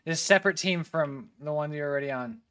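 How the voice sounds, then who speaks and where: A man streaming a game with friends, loud and excitable, swearing often in casual chat. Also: fairly high pitch, fast.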